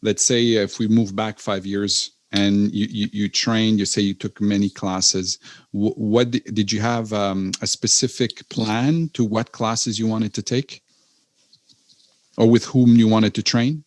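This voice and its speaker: A man's voice: lowish voice, fairly even intonation, a little slow, no echo. A man hosting a podcast. He asks rambling questions and repeats words as he searches for what to say. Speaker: podcast host. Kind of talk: casual interview chat.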